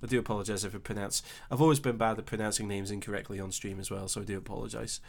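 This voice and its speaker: A young man with a Scottish accent hosting a casual live stream, chatting easily and reading out viewer comments with relaxed filler pauses. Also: lowish voice, creaky. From Scotland. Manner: chatty and easygoing, thinking aloud with filler pauses.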